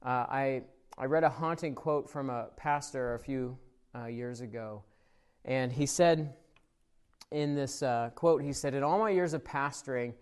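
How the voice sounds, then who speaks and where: In a church service recorded for online viewers, a man preaches as pastor with an easygoing, story-driven delivery full of filler words. His voice is medium-pitched and clean, his pace measured, rising in volume and energy when he's excited and turning soft when he reflects.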